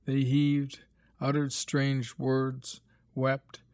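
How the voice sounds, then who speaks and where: A man's voice: mid-range voice, smooth, no room sound, clean studio sound. Man narrating a graded reader story. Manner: measured, even storytelling.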